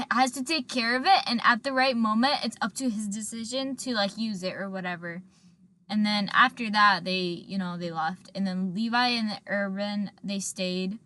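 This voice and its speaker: A woman's voice: medium pitch, fairly even intonation, normal speed, sharp tone. A woman co-hosting a casual anime recap podcast, rambling through the plot with lots of fillers and quoted lines, recorded in a parking lot. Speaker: podcast co-host. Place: parked car or workplace parking lot.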